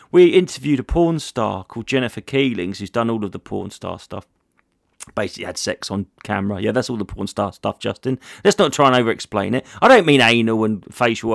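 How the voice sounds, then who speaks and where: A man's voice: on the low side, fairly quick, gravelly, fairly bright tone, no echo, studio quality. A man, a comedian hosting a casual solo podcast, rambling through jokey stories with plenty of swearing.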